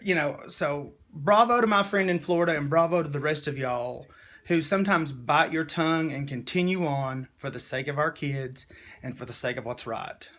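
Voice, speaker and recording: A man's voice: on the high side, normal speed, fairly bright tone. A man giving an emotional, preachy personal monologue to his viewers. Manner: emotional, preachy, Southern-style "y'all" talk. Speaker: vlogger.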